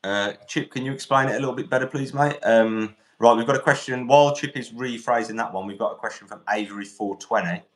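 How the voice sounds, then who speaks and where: A man hosting an online debate speaks quickly with few pauses, his voice medium in pitch and fairly bright. He asks pointed, probing questions, repeating himself and often restarting.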